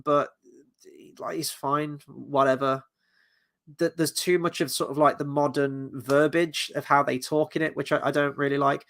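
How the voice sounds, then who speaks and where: A man's voice: fairly high pitch, fairly bright tone. A man giving a casual spoken film review, rambling and hesitant, often correcting himself and stopping on fillers.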